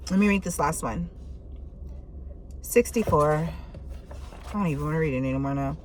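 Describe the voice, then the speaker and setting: A woman's voice: low voice, moderate pace, long pauses, slight background noise. Candid woman doing casual tarot chat. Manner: candid and loose, swears freely, reacts aloud. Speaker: tarot reader. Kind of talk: casual chat reading viewer messages.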